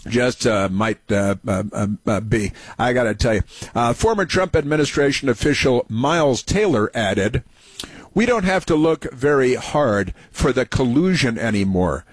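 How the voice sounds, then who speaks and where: A man's voice: medium pitch, lively intonation, normal speed, slightly rough, no echo. Sarcastic male talk radio host. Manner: sarcastic, mocking, full of hesitant fillers. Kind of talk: political talk radio commentary.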